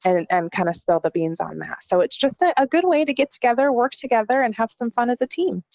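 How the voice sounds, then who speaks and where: A woman's voice: a little high, expressive, fast, creaky, a little mellow, no echo. Chatty, candid woman presenter; dry, muffled call audio. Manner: chatty, candid, lots of "you know what". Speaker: presenter in a team training webinar. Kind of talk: casual training talk.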